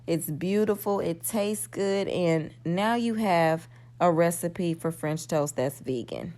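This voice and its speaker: A woman's voice: lowish voice, slow, mellow. Chatty woman hosting a cooking video. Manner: chatty, folksy, addresses viewers as y'all. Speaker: cooking channel host. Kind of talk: casual cooking tutorial.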